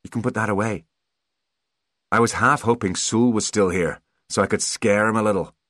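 A man's voice: on the low side, normal speed, fairly bright tone, no room sound, studio quality. A man voicing a loyal, watchful adult bodyguard in an audiobook, alert and practical. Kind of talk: audiobook character voice.

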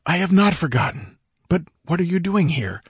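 A man reading an audiobook, voicing a nervous, wealthy middle-aged male merchant in a raised, strained, pleading voice, husky and dry. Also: expressive, normal speed, no room sound, full character voice. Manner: fearful, pleading, higher strained voice. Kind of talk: audiobook character voice.

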